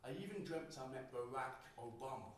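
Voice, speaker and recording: A man's voice: medium pitch, lively intonation, fairly quick. Young british guy doing spoken word, dry funny rhythmic delivery, lotsa room echo, faint hum behind. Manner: rhythmic, dry humor, shifting emphasis. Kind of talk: spoken word poetry performance. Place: live poetry night, roomy indoor venue. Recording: very echoey room, mic far off.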